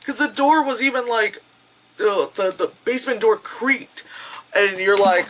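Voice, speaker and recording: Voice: mid-range voice, a little slow, a bit bright. A young adult rambling through a casual movie review vlog, packed with fillers and swearing. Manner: rambling, filler-heavy, profane.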